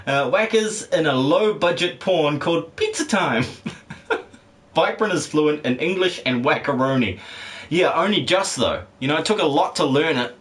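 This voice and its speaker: A man's voice: a little high, animated, moderate pace, fairly bright tone. A man streaming a video game who chats casually with his viewers, rambling, joking, swearing and laughing often. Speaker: game streamer reading chat. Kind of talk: casual live-stream chat.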